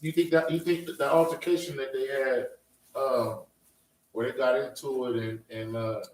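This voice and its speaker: A man's voice: medium pitch, fairly even intonation, moderate pace. A man co-hosting a casual podcast breaks in with short, blunt comments. His mid-range voice sounds a little distant from the mic, with plenty of room echo around it. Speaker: podcast co-host. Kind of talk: casual chat. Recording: roomy sound from away from the mic.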